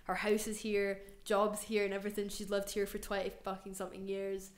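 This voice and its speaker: A woman's voice: mid-range voice, fairly quick. A young Scottish woman hosting a podcast, telling stories with lots of swearing and fillers. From Scotland. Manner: animated storytelling, lots of swearing and "like". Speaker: podcast host. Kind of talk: casual chat.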